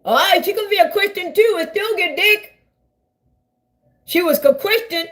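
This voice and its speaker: High-voiced woman ranting profanely on a live stream. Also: animated, moderate pace. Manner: loud, profane, rambling, talks straight to viewers. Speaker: livestreamer. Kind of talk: casual live-stream rant.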